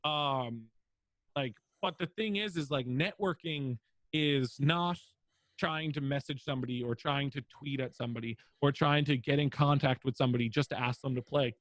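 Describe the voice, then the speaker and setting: A man's voice: medium pitch, normal speed, a bit bright, no room sound. Casual, swearing young man on a podcast. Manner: rambling, filler-heavy, swears freely. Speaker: streamer guest.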